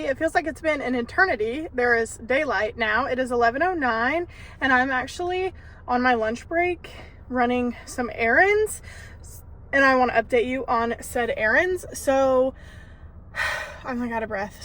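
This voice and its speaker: On her lunch break, a young woman vlogs casually from her car and while running errands, chatting candidly into a handheld phone camera with lots of fillers and laughs. Her voice is a little high, with a bright, forceful tone.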